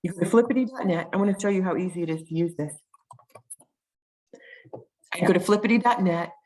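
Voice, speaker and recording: A woman's voice: on the low side, a little fast, a little mellow, poor audio. A woman presenting an online teaching webinar, explaining step by step with frequent ums and restarts, on a video call mic.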